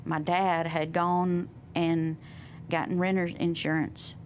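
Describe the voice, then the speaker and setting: A woman guest sharing a personal testimony in conversation, soft and reflective, pausing often. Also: on the low side, flat delivery, a little hiss or hum. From Southern United States. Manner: soft, reflective, with many pauses and fillers. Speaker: interview guest.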